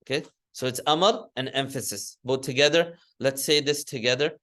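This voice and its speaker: Speaking at a medium pitch and normal speed with a slightly bright sound, a male teacher walks his class through Arabic grammar one step at a time. He frequently revises what he's said and chants word forms that the students echo back.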